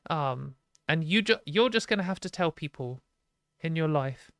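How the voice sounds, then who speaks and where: A woman's voice: sits low, lively intonation, normal speed, no echo, studio quality. A British woman hosting a live stream, giving rambling, self-deprecating advice in a casual, chatty way full of fillers. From Britain.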